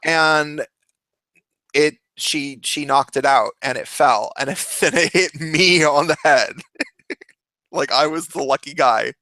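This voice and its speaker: A young man telling a story in a casual, animated way, laughing often and swearing. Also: fairly high pitch, takes it slowly, dry recording. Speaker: vlogger.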